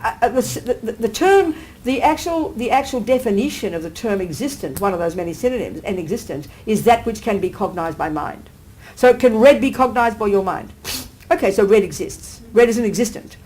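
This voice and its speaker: A woman Buddhist teacher giving a live talk, animated, often asking her listeners whether they agree and acting out everyday exclamations. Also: medium pitch, a little fast, low-quality recording. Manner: acts out everyday exclamations with sudden lifts. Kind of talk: live dharma teaching to an audience.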